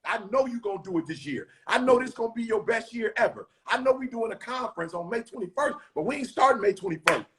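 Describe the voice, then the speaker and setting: A middle-aged man gives a preachy motivational talk in a high voice. He tells slangy stories and keeps pushing his listeners. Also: animated, quick pace, few pauses, fairly bright tone, a little hiss or hum. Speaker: motivational speaker and co-host.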